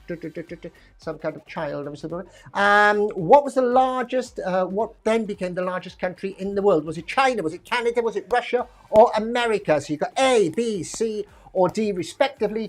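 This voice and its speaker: A quiz host, running a casual live-streamed pub quiz with chatty, self-mocking asides between the questions. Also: mid-range voice.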